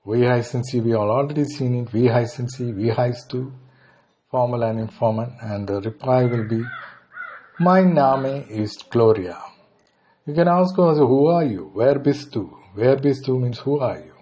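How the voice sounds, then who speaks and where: A man from India, speaking with an Indian English accent, is teaching a beginner language lesson. His mid-range voice has a warm tone, and he slowly repeats each phrase before giving its translation.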